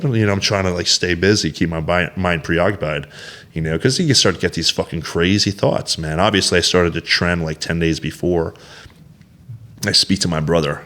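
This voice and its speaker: A man with a very low, deep voice, speaking as a guest in a casual interview. He tells his story bluntly and swears a lot, slipping into quoted lines of dialogue. His talk rambles, full of fillers like "you know" and "like.". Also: brisk, a bit bright. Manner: blunt and heavily profane, acts out quoted dialogue. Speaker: podcast guest, competitive bodybuilder.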